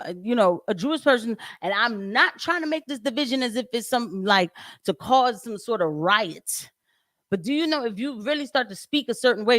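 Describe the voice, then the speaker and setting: A woman's voice: medium pitch, no echo, studio quality. A woman hosting political commentary, talking emphatically and firing off rhetorical questions. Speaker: host.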